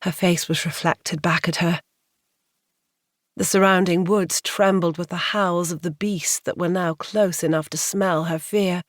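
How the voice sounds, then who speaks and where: A woman narrating a romance audiobook in a measured, atmospheric way. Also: lowish voice, fairly even intonation, no room sound, studio quality. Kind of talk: scripted narration.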